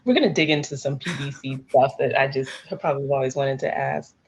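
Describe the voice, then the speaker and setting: A woman's voice: extremely low pitch, fast talker, breathy edge. A woman hosting a podcast interview, chatty and encouraging as she asks her questions. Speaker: podcast host. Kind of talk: casual interview.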